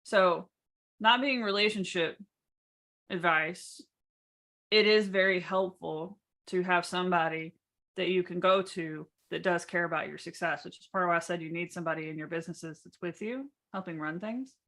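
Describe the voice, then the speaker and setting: A woman coach talks through a casual workshop in a calm, measured way. Her voice sits a little low, and she is plain and matter-of-fact. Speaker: business coach.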